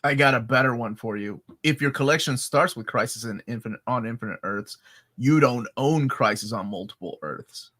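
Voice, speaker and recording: A man's voice: mid-range voice, moderate pace, a bit bright, no echo, studio quality. A man co-hosting a live question-and-answer chat, joking and laughing often. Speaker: co-host.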